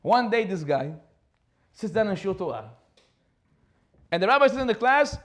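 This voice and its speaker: A young man giving an animated, joking Torah class, who acts out characters and mixes in Hebrew words. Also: high voice, moderate pace, long pauses. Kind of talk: animated sermon with storytelling.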